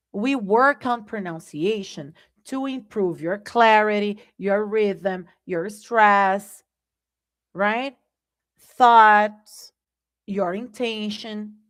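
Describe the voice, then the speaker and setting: A woman's voice: medium pitch, fairly bright tone. A woman with a Brazilian Portuguese accent hosting a live English lesson, speaking conversationally to her viewers and often checking in with "right?". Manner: conversational, addresses viewers as "guys", keeps asking "right?". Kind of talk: live-streamed language lesson.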